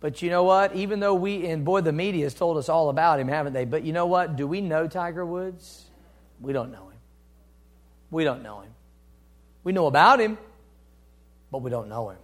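A middle-aged man preaching a sermon, earnest, swinging between loud urging and quiet asides. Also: a little high, brisk. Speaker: pastor.

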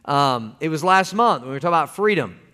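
A man delivers a sermon from the pulpit. His voice sits a little high and he talks in a folksy, conversational way. He keeps pulling the congregation in, asking them to answer back. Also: sing-song, fast, pushed and bright, clean tone. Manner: folksy, calls for congregation responses. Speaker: pastor.

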